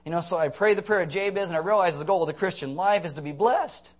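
A man's voice: mid-range voice, very fast, a bit bright, close to an everyday voice. A man doing a whiny, self-pitying churchgoer. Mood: mock-earnest. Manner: sarcastic, mock-earnest, exaggerated.

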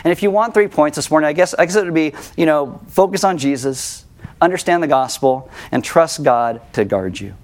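A man preaching a sermon as pastor, conversational and self-deprecating, slowing down for emphasis. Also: fairly high pitch.

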